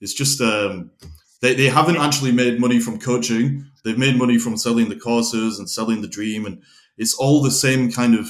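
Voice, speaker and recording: A man's voice: medium pitch, normal speed. A man hosting a podcast who also works as a coach, speaking bluntly and thoughtfully, now and then swearing. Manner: blunt, reflective, occasional swearing. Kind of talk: casual podcast conversation.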